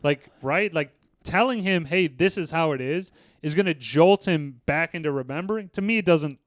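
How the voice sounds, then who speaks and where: A man's voice: on the high side, normal speed, dry recording, studio quality. A man co-hosting a podcast, chatting bluntly, swearing freely and joking about himself. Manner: blunt, swears often, jokey boasting. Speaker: podcast co-host. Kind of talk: casual chat.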